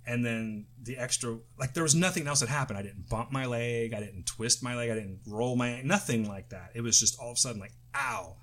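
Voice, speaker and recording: Recovering from the flu, a middle-aged man rambles through a casual podcast chat, tired and loose. His pitch sits in the middle for a man, and he swears freely and restarts his sentences often. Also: a little fast, hardly any pauses, fairly bright tone. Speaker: podcast co-host.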